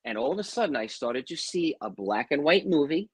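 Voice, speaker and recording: A middle-aged man, a guest on an interview show, telling his own stories in a casual, animated way and calling people "bro" and "man". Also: fairly high pitch, a little fast, husky, no room sound, low-quality recording. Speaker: interview guest, psychic medium. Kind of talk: casual storytelling.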